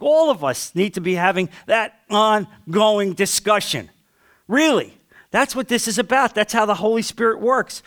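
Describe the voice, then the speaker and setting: A male pastor preaching a sermon with passion, asking the congregation questions and swinging from loud to hushed. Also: high-pitched, expressive, normal speed.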